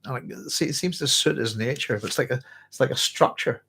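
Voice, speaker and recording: A man hosting a live book club, chatting through a novel and readers' comments in a thoughtful, rambling way with many pauses and restarts. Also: mid-range voice, gravelly, bright, forceful tone, slightly rough. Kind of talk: casual live book discussion, reading aloud and chatting.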